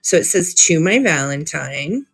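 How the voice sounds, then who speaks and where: A woman's voice: low-pitched, expressive, a little slow, breathy edge. Gushing, chatty woman hosting a sale. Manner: chatty and gushing, often giggling. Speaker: host of a live vintage sale. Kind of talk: casual live-sale chat, reading old cards aloud.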